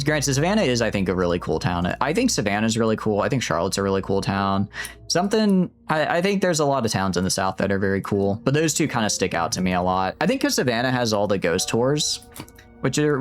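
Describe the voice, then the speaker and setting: A man streaming a strategy game, chatting in an animated, rambling, self-mocking way. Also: on the low side. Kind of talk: casual gameplay commentary.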